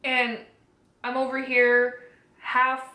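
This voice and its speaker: A woman's voice: high-pitched, monotone, slow, bright, forceful tone. A young woman vlogger telling a personal story to camera, candid and emotional, swearing freely. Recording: roomy echoey room.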